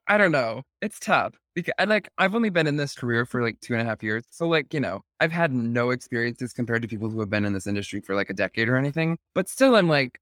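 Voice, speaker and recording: A man hosting a podcast, chatty and self-deprecating, with his speech full of casual fillers. His voice sits at a middle pitch. The recording is dry and close-miked. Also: big pitch swings, fast, fairly bright tone, no echo. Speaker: podcast host. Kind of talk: casual interview.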